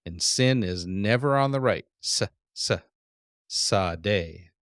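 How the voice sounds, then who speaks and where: A man teaching a language lesson, patiently pronouncing vocabulary words and repeating each one slowly. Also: fairly low pitch, lively intonation, smooth, dry recording, clean studio sound. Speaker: Hebrew teacher. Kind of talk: classroom lesson.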